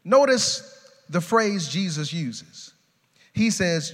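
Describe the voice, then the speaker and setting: A male pastor preaches with a high, bright, ringing voice, swinging from hushed low lines up to loud, climbing shouts. His words carry a long reverb through a large sanctuary. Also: animated, a little slow, pauses often. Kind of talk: sermon.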